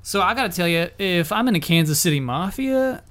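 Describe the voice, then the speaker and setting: A man's voice: high voice, lively intonation, fairly quick, a bit bright. A man playing a tabletop game, chatting in a jokey, playful way. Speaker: player. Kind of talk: casual chat at a tabletop game.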